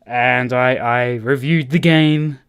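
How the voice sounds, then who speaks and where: A man co-hosting a casual podcast chat, excitable, swearing often and restarting his sentences. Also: mid-range voice, slow, creaky, smooth. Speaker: podcast co-host.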